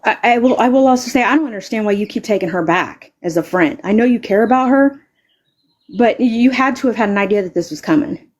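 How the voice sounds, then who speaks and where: A woman live streamer with a fairly high, slightly mellow voice launches into an angry, confrontational rant. She stammers, repeats words, and swears heavily.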